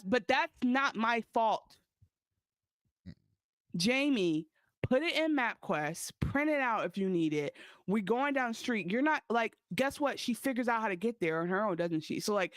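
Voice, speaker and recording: A woman co-hosting a podcast, chatting casually and acting out quotes with lively, profane energy. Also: on the high side, no echo. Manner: animated, profane, acts out quotes. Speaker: podcast co-host. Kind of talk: casual recap chat.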